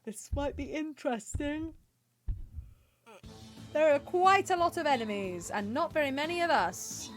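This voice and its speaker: A woman's voice: high-pitched, expressive, a little slow, pauses often, faint music behind. A young British woman chatting playfully through a game livestream, often giggling. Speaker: streamer. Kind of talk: casual game livestream chat.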